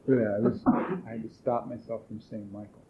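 Man, lowish voice, calm facilitator, probing questions, thin phone-like sound. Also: a little fast, slight background noise. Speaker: workshop leader. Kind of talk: facilitating a group process. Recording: thin phone-like workshop recording.

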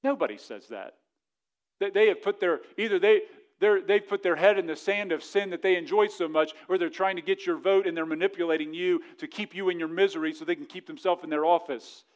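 A male pastor preaching a sermon fervently, dropping to a hush and then rising to emphatic points. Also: sits high, lo-fi sound. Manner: mocking voices of others in quick asides.

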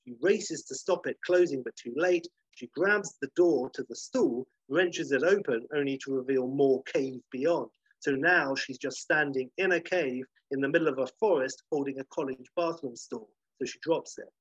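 Husky man spinning a casual story. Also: medium pitch, moderate pace, no room sound. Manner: animated, casual fillers like "you know". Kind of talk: improvised story narration. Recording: dull lo-fi recording.

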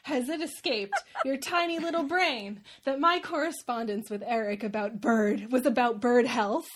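A woman voicing an indignant female bird-keeper who fires off a sarcastic, loud rant. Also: mid-range voice, moderate pace, slight background noise, lightly acted. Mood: outraged.

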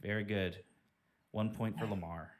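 A low-voiced American man running a quiz on a radio show. He teases his friends with jokey asides and reads each question slowly and deliberately. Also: steady tone. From United States. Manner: teasing, deliberate when reading questions. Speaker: quizmaster. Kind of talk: casual quiz banter.

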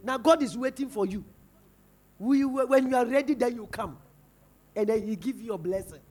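A man's voice: very high voice, normal speed, a little mellow. A man with a Ghanaian English accent preaching a sermon in church, firing rhetorical questions at the congregation. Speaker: pastor.

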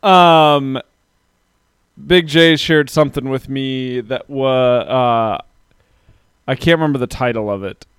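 A man's voice: medium pitch, slow, pauses often, a bit bright, clear, resonant tone, dry recording. Podcast guy rambling and laughing a lot, dry close sound, mid voice. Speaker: podcast co-host. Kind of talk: casual chat.

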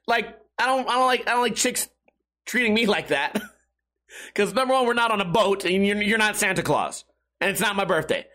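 A man's voice: sits high, expressive, normal speed, bright, forceful tone. A man hosting a casual live-streamed podcast, rambling, profane and self-mocking. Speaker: podcast host.

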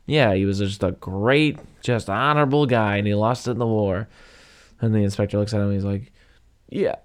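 Man, lowish voice, casual movie chat, rambling, lots of fillers and asides. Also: brisk. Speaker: podcast co-host.

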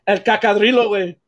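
A man with a notably high voice spins a rowdy anecdote on a podcast. He swears freely, slips into Spanish, and acts out the scene as he goes. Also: muffled recording. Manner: animated storyteller, profane, mixes Spanish. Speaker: photographer and podcast guest. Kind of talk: casual podcast storytelling.

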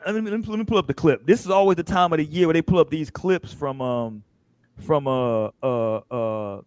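A man's voice: on the high side, dry recording. An American man hosting a casual panel podcast, telling stories with lots of acted-out quotes. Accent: American English. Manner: animated storytelling, acts out quotes. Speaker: podcast host.

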